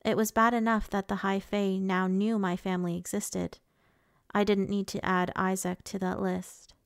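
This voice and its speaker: A woman narrating a first-person audiobook in a measured, steady way. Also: mid-range voice, vocal fry, no room sound, studio quality.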